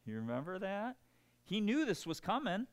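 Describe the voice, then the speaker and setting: Lively joking male preacher. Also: high voice, normal speed. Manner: animated and joking, keeps asking the room "right?". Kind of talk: sermon.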